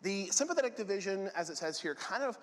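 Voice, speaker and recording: A man's voice: high voice, lively intonation, fast talker. A man giving a university anatomy lecture, casual and joking, often checking in with the class by asking "right?". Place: lecture hall. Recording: long reverb of a lecture hall.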